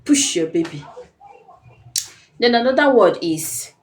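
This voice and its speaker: Slow, deliberate Igbo-accented woman teacher. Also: medium pitch, lively intonation. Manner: slow and deliberate, repeats each word with rising stress, laughs easily. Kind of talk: slow, clear language lesson.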